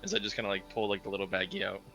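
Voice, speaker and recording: A man's voice: fairly low pitch, big pitch swings, racing, pushed and bright, faint music behind, poor audio. A man playing a tabletop game, talking in a polite, somewhat sheepish way. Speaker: player.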